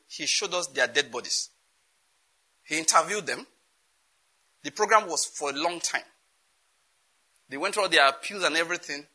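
A man with a Nigerian accent preaching a sermon, animated and full of rhetorical questions, often breaking into laughter. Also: fairly high pitch. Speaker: pastor.

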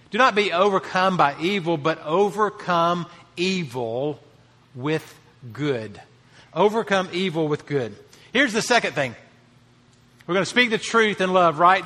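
The pastor's sermon rings out in a bright, high-pitched male voice. Earnest in tone, he pushes key phrases with a raised voice, and the hall's long reverb carries the sound away.

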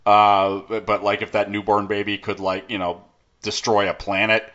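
A man co-hosting a casual movie review podcast, animated and laughing often, acting out quotes in bursts. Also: lowish voice, moderate pace. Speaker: podcast co-host. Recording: dull lo-fi podcast audio.

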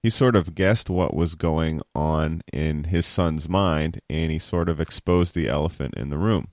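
A man with a very deep voice explains a point slowly and deliberately, like a lecturer. The sound is dry and close. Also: darkish tone, dry recording. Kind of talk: explaining a lesson.

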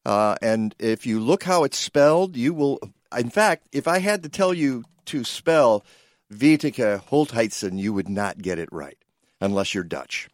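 A man's voice: mid-range voice, lively intonation, a little slow, no echo. A man co-hosting a radio talk show, chatting casually and rambling with many fillers and jokes. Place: radio studio.

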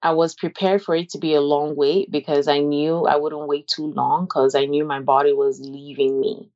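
Low-voiced woman telling her own story. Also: flat delivery, darkish tone, dull audio. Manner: halting, conversational, many "like" fillers and restarts. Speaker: interviewee sharing a personal story. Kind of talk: candid personal testimony.

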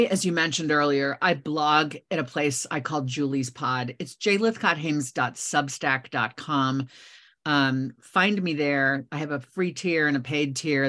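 Middle-aged woman guest, low voice, animated storyteller. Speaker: guest author. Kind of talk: storytelling in a podcast interview.

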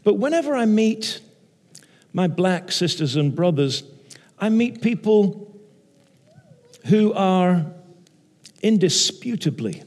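High-voiced man preaching slowly in a hall. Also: big pitch swings, darkish tone. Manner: measured, repeats phrases for emphasis. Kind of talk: sermon.

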